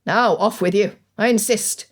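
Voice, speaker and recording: A woman reading an audiobook, voicing a stern older male country gentleman with dry, cutting wit and measured speech. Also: high voice. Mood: irritated.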